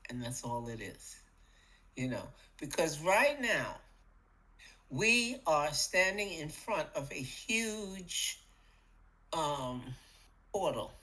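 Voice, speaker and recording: A middle-aged woman co-hosting a podcast, talking casually about spiritual matters in an animated, playful way that acts out little voices. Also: low voice, slow, long pauses, poor audio. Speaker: podcast co-host.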